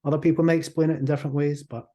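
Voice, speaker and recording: A Scottish man speaks as a hypnotherapist guest on a podcast interview. He talks fast and animatedly, and slips into acted-out example voices. His tone is dark and mellow. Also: on the high side, flat delivery.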